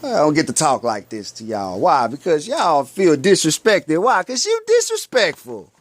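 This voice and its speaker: A man preaching his own spiritual ideas in a loose, slangy monologue. His fairly high voice swings widely, from loud bursts to low mutters. He keeps asking himself "why?" and answering it. The sound is close and dry, with no room echo. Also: lively intonation, moderate pace. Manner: poses rhetorical questions and answers them himself; loose, slangy street talk. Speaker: spiritual vlogger.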